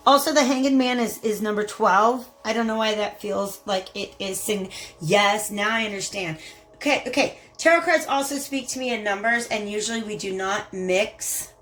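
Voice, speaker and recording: Soft music plays behind a woman with a Southern US accent as she gives a casual spiritual tarot reading at normal speed. Her mid-range voice is a bit bright, and she talks directly to viewers in a chatty, effusive way, calling them "you guys."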